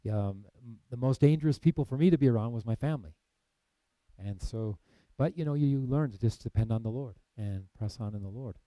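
A man's voice: medium pitch, a little fast, mellow, no echo, low-quality recording. A man in missionary work telling his personal faith testimony in an earnest storytelling way, acting out past conversations between frequent fillers. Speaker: missionary ministry leader.

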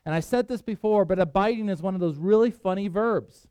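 A man's voice: sits high, fairly quick, darkish tone, smooth, no echo. A man preaching a sermon, earnest and conversational, with self-deprecating asides. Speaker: pastor.

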